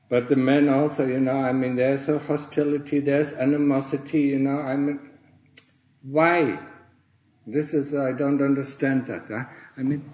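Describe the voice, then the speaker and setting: A man, a Buddhist monk, giving a Dharma talk to fellow monastics in a monastery, earnestly tagging nearly every phrase with "yeah?" or "huh?" and often clearing his throat. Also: medium pitch, steady tone, unhurried, pauses often, a little mellow, echoey room, rough recording. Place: monastery in Thailand.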